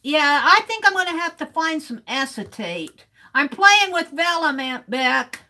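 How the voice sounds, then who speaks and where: A woman live-streaming her art, chatting with viewers in a casual way. Her voice is high and sits bright, and it moves a lot in pitch. She speaks at an unhurried pace and sounds out words for fun while she works. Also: sing-song.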